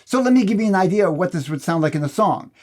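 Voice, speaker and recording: Guy teaching guitar, voice a bit high, counting out beats, guitar strums behind. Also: expressive, fast talker. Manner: friendly, counts beats aloud. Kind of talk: guitar lesson.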